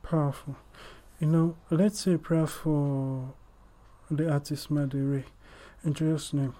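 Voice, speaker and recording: A man hosts a faith-based music review and leads an earnest spoken prayer, calling out "Lord Father" again and again. His voice is dark and mellow. His pitch stays level, with little rise or fall. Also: steady tone, slow pace. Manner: earnest, repetitive praying with many "Lord Father" addresses.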